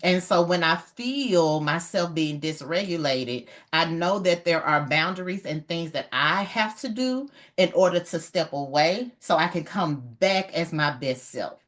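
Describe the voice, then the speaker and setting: A middle-aged woman giving an animated, emphatic motivational talk on leadership, repeating her key points. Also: on the low side, a little slow, few pauses. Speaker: leadership educator.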